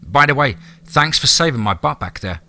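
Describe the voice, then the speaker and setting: A man's voice: medium pitch, expressive, moderate pace, sharp tone. A man voicing a determined teenage boy who speaks urgently and earnestly. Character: determined teenage boy, steady under pressure.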